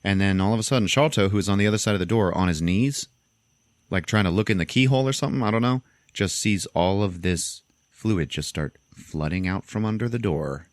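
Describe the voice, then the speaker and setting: A man hosting a podcast, casually retelling a movie plot with animated storytelling and frequent swearing. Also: on the low side, brisk, dry recording. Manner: animated storytelling, acts out quotes, swears freely. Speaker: podcast host.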